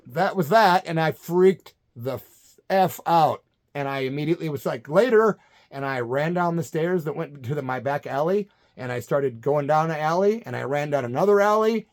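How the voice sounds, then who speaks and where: A middle-aged man telling a story from his youth in a casual, animated way, acting out other people's lines. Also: fairly high pitch. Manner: animated, acts out quoted voices, swears casually. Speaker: punk vocalist telling a story.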